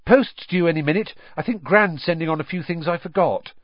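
A man's voice: on the high side, brisk, dry recording, pitched above the performer's own voice, natural voice. A male narrator voicing a timid, forgetful schoolboy who talks nervously, in a dry, dull recording. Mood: timid urging. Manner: timid, urging.

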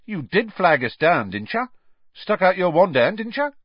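A brash teenage bus conductor who barks out his lines loud, high and full of swagger. The slangy, cocky lad swings his pitch about in a dry, slightly dull audiobook recording. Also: sing-song, normal speed, slightly rough, no room sound, exaggerated voice. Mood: proud.

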